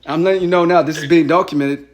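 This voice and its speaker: A man's voice: on the high side, steady tone, fast. Agitated young man ranting on a call. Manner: agitated, rambling, repeats himself. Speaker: caller. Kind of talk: heated phone call.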